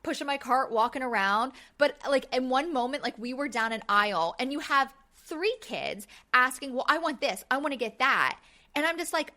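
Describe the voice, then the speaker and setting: Her voice is high-pitched and her pace moderate as she, a podcast co-host in her thirties, chats casually through a reality show recap. She tells stories animatedly, performing voices and swearing without a second thought.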